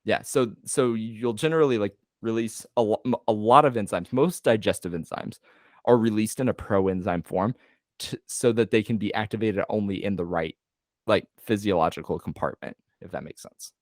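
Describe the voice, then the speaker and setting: Low-voiced casual male tutor, dry sound. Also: normal speed, a little mellow, no room sound. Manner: informal, explains with casual slang and self-corrections. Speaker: medical tutor.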